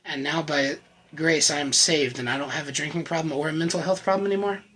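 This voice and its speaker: A man giving an earnest, emotional personal faith testimony to the camera, often halting and repeating words. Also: a little high, fairly even intonation, pushed and bright, rough recording. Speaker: channel host sharing his recovery testimony.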